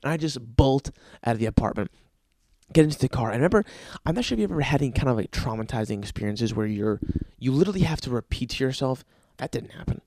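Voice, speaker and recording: A man's voice: mid-range voice, lively intonation, quick pace, darkish tone, no room sound, studio quality. A young man telling a rambling, profane comic story about his own life. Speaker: comedian.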